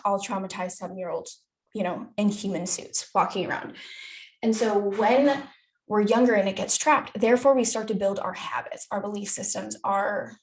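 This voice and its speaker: A woman with a gravelly, fry-tinged voice leads a live online coaching session. She talks casually and candidly, drops swear words freely, and keeps asking the listener rhetorical questions. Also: medium pitch, rough recording. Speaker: dating and self-development coach.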